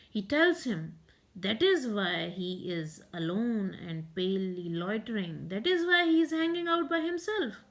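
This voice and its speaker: A woman with a high voice gives a poetry lecture at an unhurried pace. She explains each point in a measured way and reads lines of verse aloud. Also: fairly bright tone. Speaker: literature teacher.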